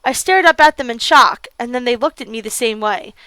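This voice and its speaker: A woman's voice: fairly high pitch, fairly quick, a bit bright, smooth, dry recording. A woman streamer reading a visual novel aloud and reacting with gasps and laughs. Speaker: let's play streamer.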